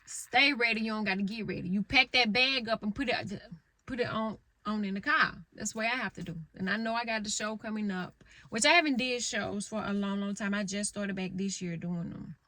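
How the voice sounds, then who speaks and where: A woman's voice: mid-range voice, a little fast, sharp tone, dry recording. Middle aged woman venting into her phone in the car, cussing, going off on tangents, dry close sound. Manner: rambling, blunt, swears freely. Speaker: vlogger. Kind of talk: casual candid storytelling. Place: parked car.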